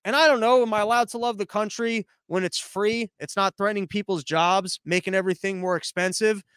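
High-voiced sarcastic male podcast host. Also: steady tone, brisk, a bit bright, clear, resonant tone, no room sound, studio quality. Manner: rambling, sarcastic and crude. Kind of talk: casual live-stream commentary.

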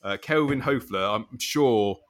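A man's voice: medium pitch, measured pace, a little hiss or hum. A man hosting a casual podcast chat, joking and swearing as he goes through names. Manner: banter with swearing. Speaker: podcast host.

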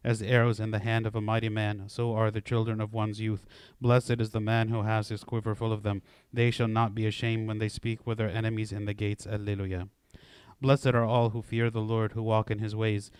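Man leading prayer, steady even recitation, very flat delivery, crisp close voice. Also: lowish voice, fairly quick, dry recording. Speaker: prayer leader.

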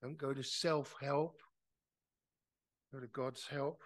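A man preaching a sermon in church. He is impassioned, asks rhetorical questions and builds to loud, emphatic peaks. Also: medium pitch, steady tone, slow pace. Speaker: pastor.

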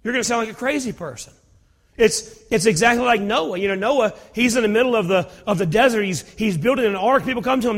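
A man preaching a sermon, telling Bible stories in an animated way, acting out dialogue and repeating himself. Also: sits high, quick pace, big-room sound. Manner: animated storytelling with acted dialogue and repetitions.

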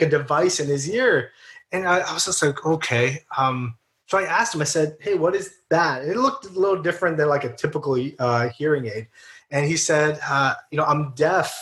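A man with a slightly higher voice tells stories in an easygoing, earnest way. He is chatty and loose, full of fillers and restarts. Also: moderate pace, a bit bright. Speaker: guest. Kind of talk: casual storytelling interview.

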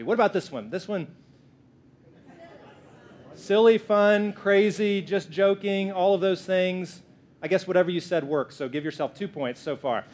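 A man in his thirties, a pastor, preaching a sermon in a church in a playful, joking way. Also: fairly high pitch. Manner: playful, lively, jokes with the congregation.

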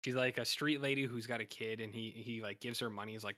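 A man's voice: medium pitch, fairly even intonation, fast, few pauses, bright, forceful tone, no room sound, studio quality. A man co-hosting a podcast, casually recapping an episode in a rambling way, full of fillers and restarts. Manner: rambling, filler-heavy storytelling. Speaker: podcast co-host.

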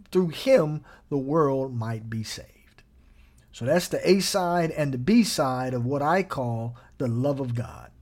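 A man pastor preaching a sermon in a lively, playful way, breaking into chuckles and quick asides. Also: fairly high pitch.

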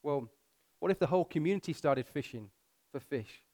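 A man with a fairly high voice preaching to his church. He climbs in pitch and volume to drive points home, then slows right down to read scripture aloud. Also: animated, warm tone. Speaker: pastor. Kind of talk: sermon.

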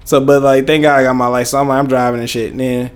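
A man's voice: mid-range voice, flat delivery, fast talker, clear, resonant tone. A young man hosting a podcast, telling a rambling, profane story full of fillers and laughs. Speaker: podcast host. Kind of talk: casual storytelling.

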